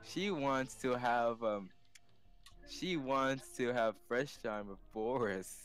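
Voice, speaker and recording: Brief: mid-pitched stammering man, insistent questions, game music under his voice. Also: slow, a bit bright, clean tone. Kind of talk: casual voice chat while gaming.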